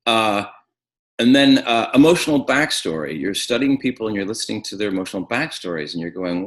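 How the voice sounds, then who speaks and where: A man teaching an acting webinar, animated, with frequent restarts and fillers. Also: fairly low pitch, brisk, low-quality recording. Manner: animated, restarts and stacked fillers, drops to quiet reflection. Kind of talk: webinar lecture.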